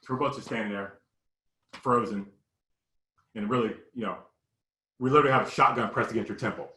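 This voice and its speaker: A man recounting a personal story in an emotional, halting way, often repeating words. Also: fairly low pitch, pushed and bright, reverberant.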